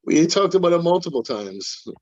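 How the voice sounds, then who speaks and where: A man's voice: a little high, very animated, moderate pace, darkish tone, no echo, lo-fi sound. A man in a casual podcast over beers, making blunt, sardonic remarks.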